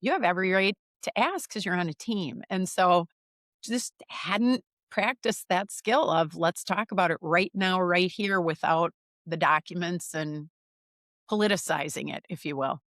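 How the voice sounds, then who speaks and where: A woman's voice: on the low side, unhurried, dry recording, studio quality. A middle-aged woman from the US Midwest, a leadership coach telling stories in conversation and acting out the quoted lines. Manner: animated, acts out quoted dialogue. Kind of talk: conversational storytelling.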